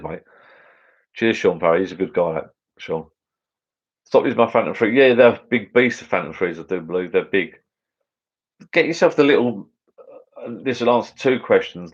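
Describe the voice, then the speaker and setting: Low-voiced chatty English man. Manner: chatty, rambling, matey. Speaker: livestream host. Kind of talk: casual live chat reading viewer comments. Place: garden bar shed. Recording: dull lo-fi livestream audio.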